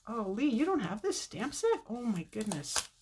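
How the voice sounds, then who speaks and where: A woman's voice: on the high side, big pitch swings, normal speed, background noise. A woman hosting a casual live card-making tutorial, chatting to viewers by name and laughing often.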